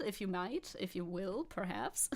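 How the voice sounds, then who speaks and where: A woman's voice: medium pitch, unhurried, darkish tone. A young woman from Germany chatting casually on a live stream, rambling and giggling as she reads and answers chat. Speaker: VTuber streamer.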